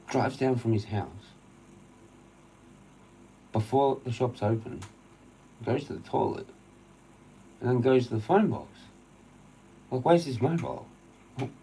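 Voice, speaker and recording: A man's voice: medium pitch, dark tone, a little hiss or hum, rough recording. A man with an Australian accent, ranting on a livestream, swearing heavily and rambling through an agitated story. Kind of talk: casual rambling rant.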